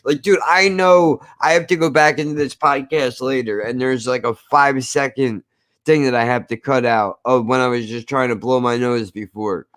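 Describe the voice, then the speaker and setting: A man's voice: mid-range voice, fairly even intonation, moderate pace, fairly bright tone. A man from New Jersey hosting a podcast, ranting emphatically in casual chat, repeating himself and swearing. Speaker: podcast host.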